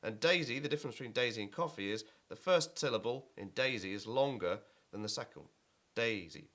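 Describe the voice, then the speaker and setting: A man's voice: mid-range voice, expressive, fairly quick, fairly bright tone. A man teaching an online keyboard lesson, explaining at an easy pace with fillers and now and then chanting rhythm words over his playing.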